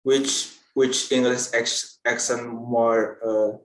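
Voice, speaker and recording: Slow-spoken male host, halting and searching for words, heard in an echoey room. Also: medium pitch, level tone. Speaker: class host. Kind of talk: live online class interview.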